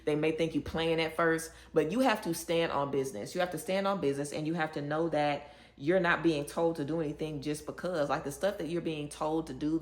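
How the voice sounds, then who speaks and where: A woman's voice: sits low, roomy sound. A woman giving a tarot reading straight to her viewers, emphatic and preachy, repeating words for stress. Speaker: tarot reader. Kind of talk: direct-to-camera tarot reading.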